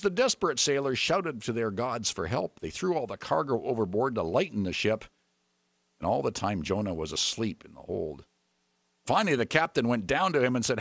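Male preacher, sermon, storytelling, very expressive pitch, dry close sound. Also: moderate pace, vocal fry, breathy edge, no echo. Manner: animated storytelling, voicing characters in the story.

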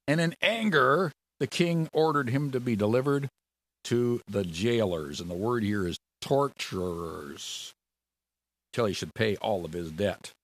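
A male preacher delivering a sermon with a lively, swooping delivery. His pitch sits in a middle range and leaps sharply upward for emphasis. The sound is dry and close to the mic. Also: a little slow, no room sound. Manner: animated, jumps higher and louder for emphasis.

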